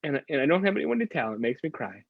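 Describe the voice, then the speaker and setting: A man voicing a gentle, grieving Jesus who speaks softly and apologetically. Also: on the high side, sing-song, fast talker, vocal fry, slightly rough, no echo, narrow, tinny audio, voice pushed up, heavily acted. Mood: sorrowful. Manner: soft, apologetic and tearful.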